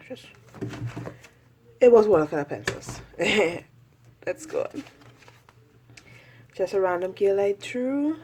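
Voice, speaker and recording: A woman's voice: medium pitch, very animated, measured pace, pauses often, a little mellow, a little hiss or hum. A woman chatting casually through a sketchbook tour, rambling and self-mocking, often laughing at her own drawings. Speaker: artist vlogger.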